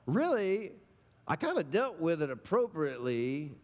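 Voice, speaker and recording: A man's voice: fairly high pitch, very animated, unhurried, darkish tone. A middle-aged male pastor preaching a sermon, telling stories in an emphatic, folksy way. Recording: long reverb of a large hall.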